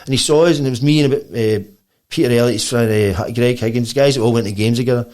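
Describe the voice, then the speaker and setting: Fast-talking Scottish man. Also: mid-range voice. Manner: rambling, with lots of restarts; animated storytelling. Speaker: guest musician. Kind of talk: casual podcast chat.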